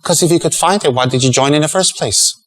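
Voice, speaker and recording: A man's voice: on the high side, fast, low-quality recording. A middle-aged man giving a Dharma talk as a Buddhist teacher, emphatic and rhetorical, chuckling at his own jokes.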